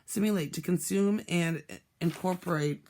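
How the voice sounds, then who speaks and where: A reader voicing an eager, earnest schoolboy who answers carefully and deliberately. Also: mid-range voice, darkish tone, close to an everyday voice.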